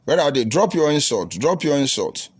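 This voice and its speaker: A man's voice: on the high side, very animated, normal speed, breathy edge. A man with a Nigerian English accent, a preacher hosting a livestream, answering viewer comments in a combative, preachy way full of rhetorical questions.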